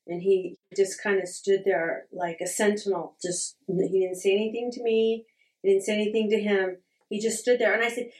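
A woman's voice: medium pitch, normal speed, a little mellow. A middle-aged woman candidly telling a personal story with frank, self-deprecating humor and frequent laughs. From Utah. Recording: roomy echo, distant from the mic.

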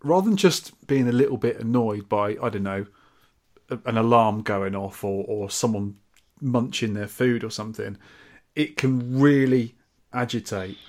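Guy on a retro gaming podcast, dry teasing banter, average pitch. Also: moderate pace, darkish tone. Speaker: podcast co-host. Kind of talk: casual chat.

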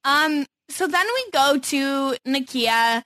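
High, bright-voiced woman podcast host. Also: expressive, takes it slowly, no room sound. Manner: emphatic, blunt opinions. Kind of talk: casual chat recapping a reality show.

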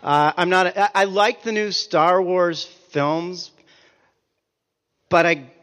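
A man in his forties telling comic stories in an animated, ranting way, swearing and breaking off his own sentences. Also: high voice, takes it slowly, big-room sound. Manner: animated, ranting, profane, self-interrupting. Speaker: author and speaker. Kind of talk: comic storytelling talk.

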